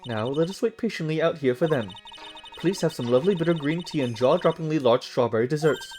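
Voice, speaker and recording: A man's voice: fairly high pitch, lively intonation, fairly quick, darkish tone, faint music behind, close to an everyday voice. A man voicing a stern, formal older woman spirit medium who speaks with exaggerated politeness, reading game dialogue on a stream. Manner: stiff, overly polite, formal.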